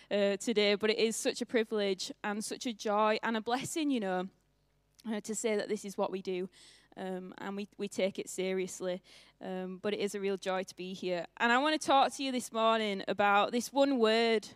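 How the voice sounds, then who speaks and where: A young woman with a northern English accent preaches in church, chatty and quick to poke fun at herself. Her voice is dry and close, with little room sound, and her pitch sits in an ordinary middle range. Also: fairly even intonation, clear, resonant tone, dry recording. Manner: chatty and self-mocking, laughing often. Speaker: pastor. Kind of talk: sermon.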